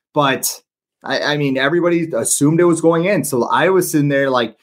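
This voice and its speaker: A man co-hosting a podcast, telling a rambling story in casual chat, full of "like" and restarts. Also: medium pitch. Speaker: podcast co-host.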